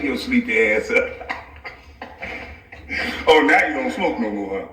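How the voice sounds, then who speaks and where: A man's voice: medium pitch, expressive, slow, long pauses, bright, forceful tone, distant mic. Laughing, profane man ranting in an echoey room. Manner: laughs often mid-sentence, loose and profane. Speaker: vlogger. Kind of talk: profane comic rant to camera. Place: home office. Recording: echoey room, voice set back from the mic.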